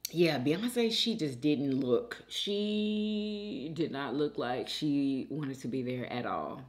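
A woman from Houston, hosting a mukbang and chatting warmly and emotionally with viewers in the chat. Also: deep voice, lively intonation, slow pace. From Houston, Texas. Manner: chatty and emotional, calls viewers girl and sis. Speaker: mukbang host reading live chat. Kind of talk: casual chat.

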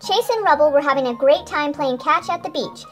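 A woman hosting a toy channel, reading a children's storybook aloud in a bright, sing-song manner. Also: high-pitched, expressive, a little fast, soft background music.

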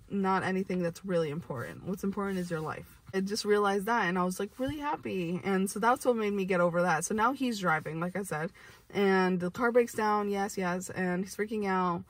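A woman's voice: medium pitch, moderate pace. A young adult woman telling a story to camera, rambling with lots of "like" and restarts. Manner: rambling, heavy use of "like" and restarts. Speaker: vlogger. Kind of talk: casual storytelling. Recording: voice from a distance from the mic.

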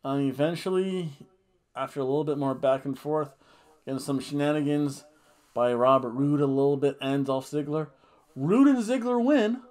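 A podcast co-host reviews a wrestling show with a slightly high, darkish voice at normal speed. A little tipsy on red wine, he rambles and jokes, breaking into goofy singing and chants.

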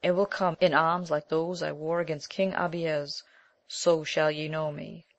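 A woman's voice: low-pitched, little pitch movement, unhurried. A woman voicing an earnest, courteous young knight in an audiobook. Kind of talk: audiobook character voice.

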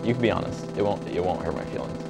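A man hosting an interview show, asking listed questions with awkward, goofy deadpan humor. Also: low-pitched, very fast, gravelly, loud music behind the voice. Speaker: host.

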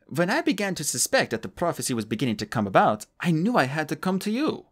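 A man voicing a calm, smooth-spoken old male alchemist in an audiobook. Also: on the high side, fast talker, pitched above the performer's own voice.

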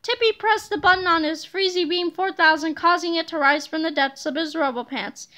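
A woman reading a children's chapter book aloud with expressive, animated storytelling. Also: extremely high pitch, fairly quick. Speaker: reader.

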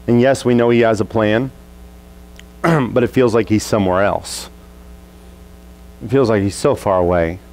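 A man preaching a sermon as a pastor, telling a childhood story and acting out the family scenes in lively voices. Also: fairly low pitch, measured pace, pauses often, poor audio.

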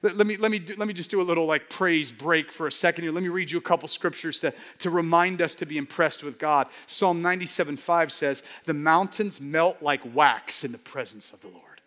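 A man pastor preaching a sermon with fervor, repeating words and swinging between loud declarations and hushed murmurs. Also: fairly high pitch, a little fast, hardly any pauses, long reverb tail. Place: large church hall.

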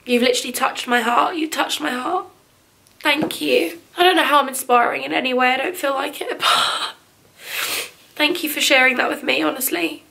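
A young woman from England talks straight to her viewers in a vlog, gushing and close to tears. Her fairly high voice has a gravelly fry running through it, and her emotion spills over into every thank-you. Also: lively intonation, moderate pace, sharp tone. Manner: gushing, tearful, effusive. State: teary. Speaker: vlogger.

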